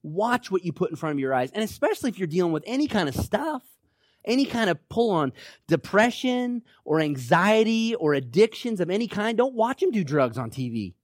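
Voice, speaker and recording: A man's voice: high voice, big pitch swings, moderate pace, dry recording, clean studio sound. A middle-aged male pastor preaching a sermon in a conversational way, often checking in with rhetorical questions.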